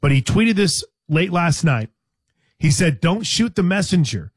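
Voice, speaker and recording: Chatty man with a slightly high voice. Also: very animated, unhurried, husky, no room sound, studio quality. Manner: chatty, teasing, many restarts. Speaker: sports radio host. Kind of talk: casual sports talk.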